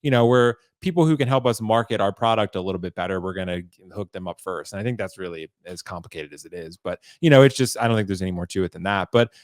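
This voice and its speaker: Fast-talking low-voiced host, dry sound. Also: male voice, dry recording. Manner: agreeable, hedging, thinking aloud. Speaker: podcast host, toy reviewer. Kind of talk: casual podcast chat.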